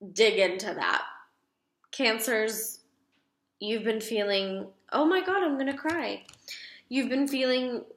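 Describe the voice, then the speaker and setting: A woman's voice: a little high, fairly bright tone. A young woman reading tarot cards in a casual video from home. She talks in a chatty, emphatic, gushing way with some casual swearing. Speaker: tarot card reader. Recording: echoey room.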